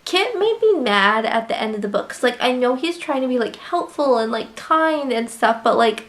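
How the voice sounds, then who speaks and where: A woman's voice: on the high side, animated, moderate pace, a bit bright. A young woman casually recapping a novel she loved, emotional and full of fillers. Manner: gushing, emotional, filler-heavy retelling. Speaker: book reviewer. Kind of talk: casual book review chat.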